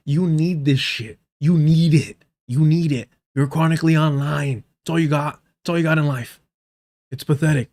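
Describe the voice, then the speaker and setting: A man's voice: on the high side, darkish tone. A young man hosting a live stream, ranting with heavy profanity and scorn. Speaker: livestream host.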